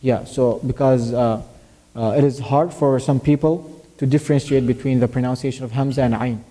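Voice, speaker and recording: In a big-sounding mosque classroom, a man teaches tajweed, patiently covering where Arabic letters are pronounced, reciting verses as examples and quizzing his student. His medium-pitched, warm voice stays steady and runs a little fast.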